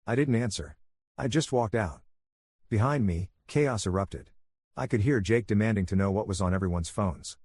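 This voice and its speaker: A man calmly narrating a first-person story in an even, soothing manner. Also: fairly low pitch, normal speed, dry recording.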